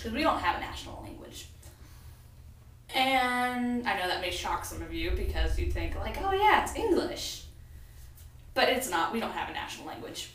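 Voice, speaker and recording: A woman's voice: on the high side, a bit bright. A young American woman vlogging in a casual, rambling, giggly way with lots of fillers. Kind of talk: casual chat to camera. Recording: echoey room, mic at a distance.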